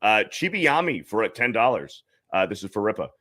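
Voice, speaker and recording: A man's voice: lowish voice, very animated, a little fast, a bit bright. A man hosting a casual live stream, joking and reading viewer super chats aloud. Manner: joking, laughs often.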